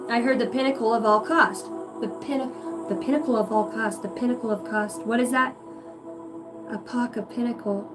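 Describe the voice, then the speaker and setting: A woman's voice: on the high side, moderate pace, long pauses, distant mic, over music. A woman giving a rambling, profane channeled reading to her viewers, free-associating and giggling at herself. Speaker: psychic reader on a livestream.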